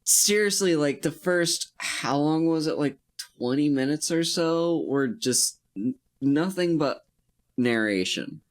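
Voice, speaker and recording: A man's voice: on the high side, animated, slow pace. A man co-hosting a casual film podcast, with dry humor, thinking aloud as he talks. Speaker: podcast co-host. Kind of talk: casual comedic film discussion.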